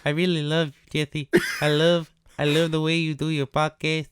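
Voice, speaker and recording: A man putting on the voice of a creepy adult male fan who talks softly and leeringly. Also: on the high side, monotone, moderate pace, smooth, no room sound, close to an everyday voice.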